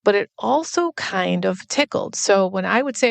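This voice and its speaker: Host woman, earnest and explanatory, vocal fry, dry close sound. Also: mid-range voice, animated, normal speed, dry recording. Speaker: podcast host and recovery coach. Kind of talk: personal reflective monologue.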